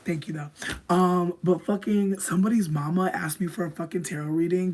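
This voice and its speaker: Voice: mid-range voice, steady tone, brisk, a little mellow. Young adult livestreamer, sick voice; loose profane ramble, slips into half-whispers. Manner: rambling, profane, heavy "like" filler; drops into breathy half-whispers. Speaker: livestreamer answering chat. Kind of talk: casual livestream chat.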